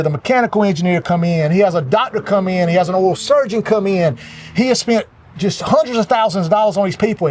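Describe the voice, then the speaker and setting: A man's voice: sits high, a little mellow, a little hiss or hum. A middle-aged man telling an earnest, preacher-like parable as a motivational talk. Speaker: show regular giving a motivational talk.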